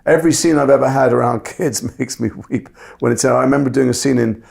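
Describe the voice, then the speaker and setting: Gravelly middle-aged man. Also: medium pitch, quick pace, a little mellow. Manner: rambling, restarts often, self-deprecating. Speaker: guest actor. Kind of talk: reflective interview talk.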